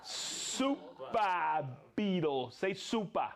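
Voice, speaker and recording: The host of a live product show calls out viewers one after another, whooping and joking between names. His voice is high, gravelly and expressive, swinging widely in pitch and drawing words out, with an exuberant, playful delivery throughout.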